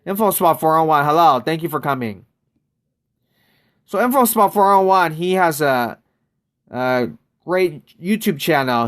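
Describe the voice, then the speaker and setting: A man's voice: on the high side, a bit bright. An American man chatting casually on a live game stream, greeting viewers by name and wandering through loose, rambling asides. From United States.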